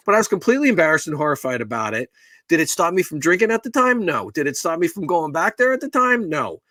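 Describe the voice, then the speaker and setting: Animated, bright-voiced man telling a story. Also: on the high side, quick pace, no room sound. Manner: rambling, profane, self-deprecating. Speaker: podcast co-host. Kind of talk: casual storytelling.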